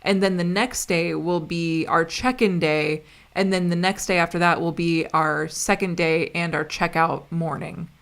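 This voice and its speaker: A woman co-hosting a casual live stream, chatty and quick to tell family anecdotes. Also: lowish voice, steady tone, creaky, fairly bright tone.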